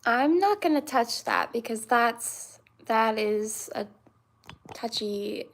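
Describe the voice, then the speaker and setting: A woman in her twenties hosting a livestream, chatting with viewers and answering them with many pauses and fillers. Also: on the high side, lively intonation. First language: English. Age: 20s. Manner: hesitant, many fillers and restarts. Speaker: livestream host.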